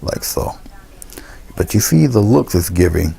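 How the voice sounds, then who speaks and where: A man giving a relaxed, unscripted painting lesson, talking through each step with fillers and restarts. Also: on the low side, unhurried, vocal fry, breathy edge. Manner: relaxed, thinking aloud with many fillers and restarts. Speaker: painting instructor. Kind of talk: casual painting tutorial.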